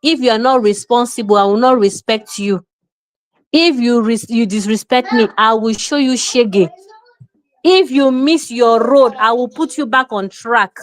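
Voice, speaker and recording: A Nigerian-accented woman hosts an opinionated commentary show, speaking a little slowly in a voice on the high side. She lectures forcefully, slips in Pidgin, and acts out little scenes using quoted voices.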